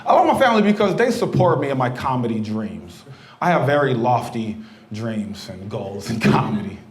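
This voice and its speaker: A man doing a stand-up comedy set at a brewery, telling loud, animated stories full of profanity. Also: medium pitch, normal speed, slight background noise. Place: outdoor brewery stage before a laughing crowd. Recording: roomy live sound with crowd laughter.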